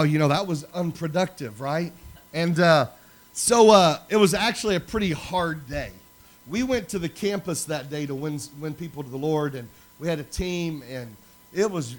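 A man preaching a sermon, telling personal stories in an animated way that swings from loud to hushed. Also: a little high. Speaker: pastor.

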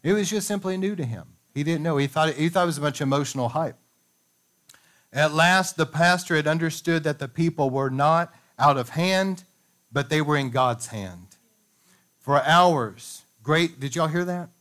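A man with a fairly high voice preaches from the pulpit, reading a revival story and breaking off for playful asides to his congregation. He talks in an animated, storytelling way. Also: normal speed. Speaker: pastor. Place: church.

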